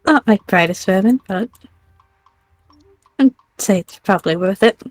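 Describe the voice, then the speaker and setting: A woman's voice: mid-range voice, unhurried, no room sound, lightly acted. A woman voicing a battered male adventurer who sounds wry and rueful, in a dry close recording.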